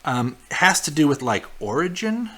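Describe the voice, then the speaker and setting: A man's voice: a little high, sing-song, normal speed, sharp tone, husky. A man teaching a class remotely, walking students through a weekly packet in a casual, explaining way with frequent fillers and check-ins. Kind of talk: recorded lesson walkthrough.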